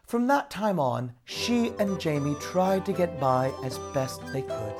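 Slow, lively storytelling woman. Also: deep voice, music in the background. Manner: slow, expressive storybook narration. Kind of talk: children's story reading.

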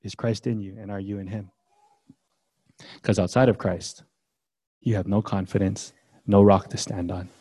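A man preaching a sermon as a pastor, swinging between hushed, gentle passages and loud, emphatic ones, with casual asides. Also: fairly low pitch, flat delivery, normal speed, long pauses, breathy edge.

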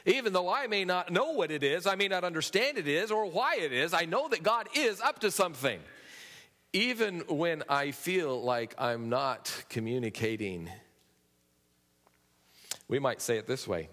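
A man's voice: a little high, lively intonation, moderate pace, fairly bright tone. A man preaching a sermon to his congregation, building to emphatic peaks and turning to them with asides. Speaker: pastor. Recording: long reverb of a large hall.

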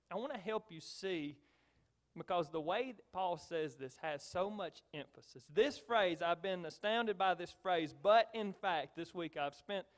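High-voiced man preaching with emphasis. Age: middle-aged. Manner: emphatic preaching, punchy repeated phrases, swings from loud to soft. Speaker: pastor. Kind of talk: sermon.

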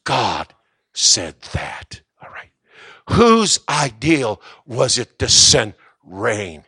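Male pastor, middle-aged, sermon, unhurried delivery, close dry sound, quiet asides to shouts. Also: mid-range voice, slightly rough, dry recording. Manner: animated preaching, swings from quiet asides to shouting; jokes with the congregation. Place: church sanctuary.

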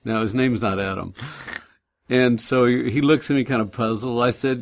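A man hosts a Christian radio talk program in a gentle, pastoral voice at a middle pitch. He tells homey stories with a ready laugh and speaks slowly when offering encouragement. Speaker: radio show host.

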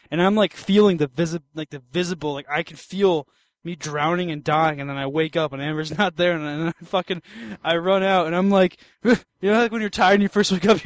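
A man's voice: a little high, no room sound. A young man hosting a podcast, telling a long crude story in casual chat, rambling and laughing as he goes. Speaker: podcast host.

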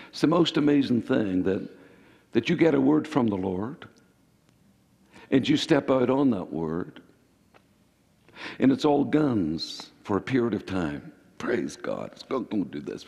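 A man preaching a sermon as pastor, with sudden emphatic rises and quick bursts. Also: fairly low pitch, creaky, a little mellow, breathy edge. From Ireland. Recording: hall reverb.

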